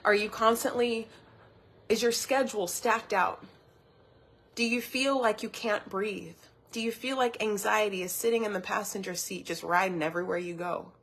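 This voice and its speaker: A woman's voice: medium pitch, fairly even intonation, moderate pace, fairly bright tone. A woman giving a motivational teaching talk as a wellness coach, earnest and personal, often repeating words as she thinks.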